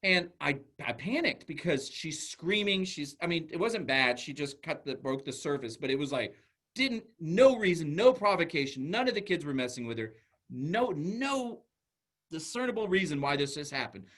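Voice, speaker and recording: A man giving a talk as a school psychologist, telling a classroom story in an earnest way with halting restarts. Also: a little high, sing-song, a bit bright. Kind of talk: storytelling presentation.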